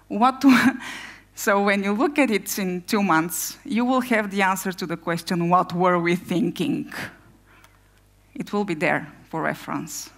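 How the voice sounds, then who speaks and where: A woman speaking as a product owner in a conference talk, energetic and given to firing rhetorical questions at the audience. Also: mid-range voice.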